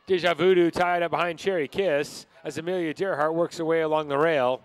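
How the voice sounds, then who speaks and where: An announcer calling roller derby action live in brisk play-by-play. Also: mid-range voice, fairly even intonation. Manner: brisk play-by-play of skater moves. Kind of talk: live sports commentary.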